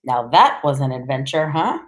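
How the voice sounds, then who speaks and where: A woman's voice: a bass voice, sing-song, normal speed. A woman reading as a cocky, clever small boy. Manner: boastful, theatrical. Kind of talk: audiobook reading.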